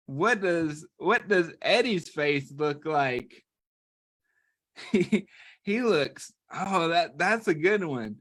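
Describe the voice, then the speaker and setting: A man's voice: a little high, takes it slowly. A man reading a picture book aloud to young children, playful, often stopping to ask them questions. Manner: playful and animated, talks to children, asks them to join in. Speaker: children's story reader.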